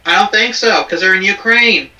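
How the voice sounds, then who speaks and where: A man's voice: sits high, moderate pace, bright, forceful tone, distant mic. A man hosting a casual reaction chat, crude and profane, often restarting his sentences. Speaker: host. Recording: roomy, from off the mic.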